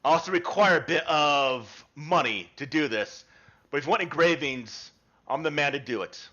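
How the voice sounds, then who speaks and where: A man's voice: fairly high pitch, expressive, moderate pace, sharp tone, lo-fi sound. A man voicing a rude male village blacksmith who talks bluntly and curtly, grumbling at customers. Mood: gruff.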